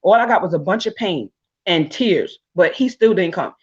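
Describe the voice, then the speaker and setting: Animated woman telling stories, dull audio. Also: fairly low pitch, moderate pace, breathy edge. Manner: animated, laughing, frequent restarts and fillers. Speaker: guest speaker. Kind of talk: casual storytelling on a live talk show.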